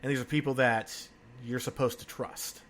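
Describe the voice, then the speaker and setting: A man hosting a conversational interview podcast, talking in an empathetic, expressive way. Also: medium pitch, moderate pace, a little hiss or hum. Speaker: podcast host.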